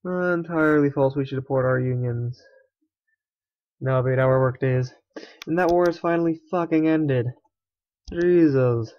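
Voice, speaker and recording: A young man talks through his strategy game session in a casual, sarcastic ramble, dropping curses and half-muttered complaints. His voice sits at an ordinary male pitch. The recording is dry and slightly muffled, like a home desktop mic. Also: unhurried, pauses often, no room sound. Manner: sarcastic, swears, mutters to himself. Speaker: gaming let's player. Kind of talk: casual gameplay commentary.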